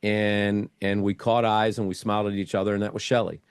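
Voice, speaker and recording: A man's voice: on the low side, little pitch movement, brisk, clear, resonant tone, no echo, clean studio sound. A middle-aged man, a guest in an interview, telling a casual story and acting out his own thoughts as he goes.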